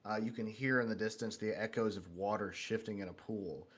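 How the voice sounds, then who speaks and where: A man's voice: fairly low pitch, fairly even intonation, fairly quick, fairly bright tone. A man narrating a tabletop game as game master, casual and full of "um" and "uh". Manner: casual, with filler "um" and "uh".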